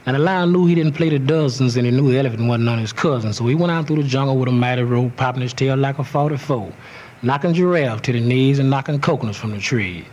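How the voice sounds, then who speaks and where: A man's voice: medium pitch, quick pace, a little mellow. Man reciting a rhythmic rhymed tale. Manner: rhythmic rhyming delivery, heavy cursing. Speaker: storyteller. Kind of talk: reciting a rhymed profane folk toast.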